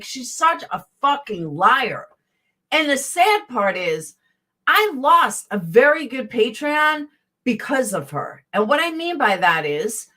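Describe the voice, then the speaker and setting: With a slightly high voice that comes across pushed and bright, a Southern-accented woman rants as a YouTube host to her live chat. Her casual commentary is heated, blunt, and laced with profanity.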